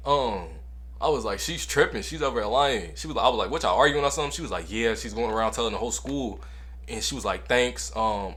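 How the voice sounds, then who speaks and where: Young male vlogger, casual slangy storyteller, mid pitch, animated delivery. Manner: animated, slangy, repeats phrases for effect.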